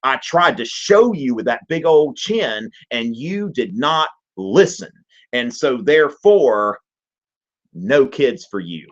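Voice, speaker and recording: A man voicing nature as a stern figure who slowly scolds and lectures. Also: medium pitch, expressive. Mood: scolding. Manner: slow, lecturing, reproachful. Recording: dull lo-fi stream audio.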